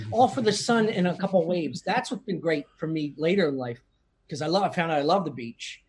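A man's voice: high-pitched, expressive, brisk, breathy edge. A man from the Philadelphia area with a Philly accent, telling profane stories in casual podcast chat. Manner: profane, storytelling, laughs often.

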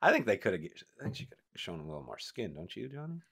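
A man's voice: lowish voice, big pitch swings, rapid-fire, creaky, fairly bright tone, slightly rough. A man co-hosting a casual podcast, laid-back and agreeing with short replies. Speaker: podcast co-host.

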